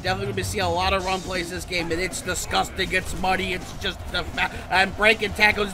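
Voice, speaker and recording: A man doing excited gameplay commentary for his channel, swinging between muttered play-by-play and outbursts of shouting and cursing. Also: high voice, a little fast, hardly any pauses, noisy background. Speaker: gaming channel host. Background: game music.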